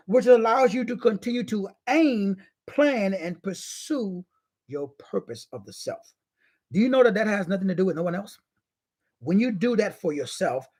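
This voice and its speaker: A man hosting a live stream, giving a preachy motivational talk in casual, slangy speech with drawn-out, emphatic phrasing. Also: husky. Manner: preachy, drawn-out emphatic phrasing with big swings in pitch and loudness.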